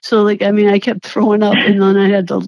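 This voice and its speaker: Young woman, interview guest, animated storyteller, laughs a lot, dry close sound. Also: mid-range voice, quick pace, no room sound, highs cut off. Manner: animated, laughs often, swears, acts out quotes. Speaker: interview guest, former reality show contestant. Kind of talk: casual storytelling.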